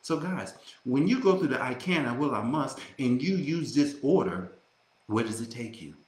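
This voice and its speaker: A man's voice: medium pitch, lively intonation, moderate pace, a little mellow, reverberant. A man hosting a faith-based motivational podcast, talking in a fervent preaching cadence full of restarts and repeated words. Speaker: podcast host.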